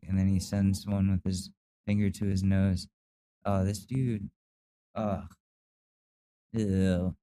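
Male podcast host, reads chat logs aloud, incredulous, swears, mellow tone. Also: low voice, level tone, slow pace, long pauses, slight background noise. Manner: incredulous, swears, reacts with disgust. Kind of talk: reading chat logs aloud with comic commentary.

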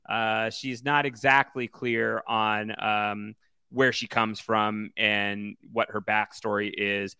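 A man co-hosting a podcast, speaking with a bright, clear tone in a dry, close sound. He chats casually and haltingly, with many fillers and restarts. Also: medium pitch, no echo. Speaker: podcast co-host. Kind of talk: casual chat about a video game.

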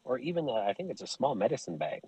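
A man with a husky, slightly breathy voice whose pitch leaps around as he tells crude, comic stories. He laughs a lot and slips into other people's voices mid-story. The sound is dry and close, with no room around it. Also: very animated, fast, darkish tone, no room sound, poor audio. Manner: profane, laughs often, acts out voices in stories. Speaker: podcast guest. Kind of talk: casual joking storytelling.

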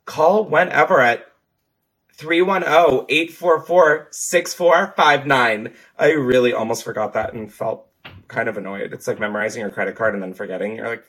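A man's voice: medium pitch, moderate pace. A man hosting a podcast on headphones, chatting casually, joking and swearing as he answers callers. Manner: profane, joking, animated. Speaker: podcast host. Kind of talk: casual chat.

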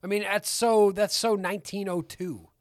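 A man's voice: high-pitched, steady tone, normal speed, no echo, studio quality. A man co-hosting a casual film podcast, joking and rambling with frequent swearing. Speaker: podcast co-host.

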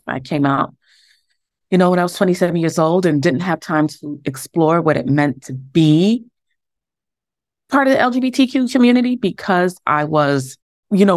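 A woman's voice: deep voice, no echo, clean studio sound. A woman, chatting candidly as a podcast guest in an easygoing, self-deprecating way. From the Bronx, New York. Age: late 30s. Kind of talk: casual interview chat.

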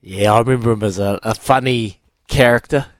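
A New Zealand man co-hosting a radio show, speaking in an earnest, brisk way. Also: medium pitch, dry recording. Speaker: radio co-host. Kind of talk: casual radio chat. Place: radio studio.

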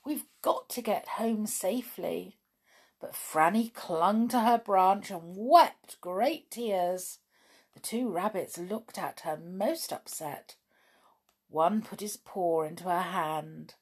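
A woman reading a children's book aloud, expressive, with chatty asides. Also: lowish voice, slow pace, husky. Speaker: storybook reader.

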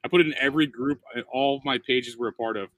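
A man in his thirties, a comedian co-hosting a podcast, bantering quickly with lots of profanity and restarts. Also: medium pitch, steady tone, fairly bright tone, a little hiss or hum. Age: 30s. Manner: rapid, profane, joking banter with many restarts. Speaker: comedian co-host. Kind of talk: casual podcast chat.

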